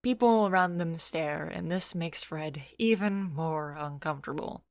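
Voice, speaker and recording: A woman narrating a storybook in a steady, even reading voice. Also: deep voice, measured pace, no echo, clean studio sound.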